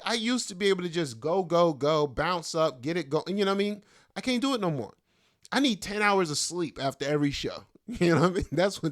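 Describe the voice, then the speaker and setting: A middle-aged man who does stand-up rambles on his own podcast in a high, slightly bright voice. His talk is loose and slangy, and he keeps joking at his own expense.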